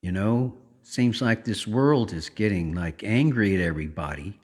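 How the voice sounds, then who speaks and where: A man hosting a weekly gospel livestream, talking softly and devotionally to viewers, with frequent filler words. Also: on the low side. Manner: soft-spoken, unhurried, many filler words. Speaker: gospel singer and livestream host. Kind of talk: casual devotional talk. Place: home livestream.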